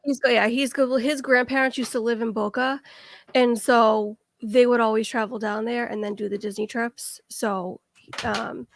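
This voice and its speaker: A woman's voice: a little high, steady tone, normal speed. A woman in her thirties from the Boston area with a thick Boston accent, chatting cheerfully as a guest. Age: 30s. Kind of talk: casual interview chat.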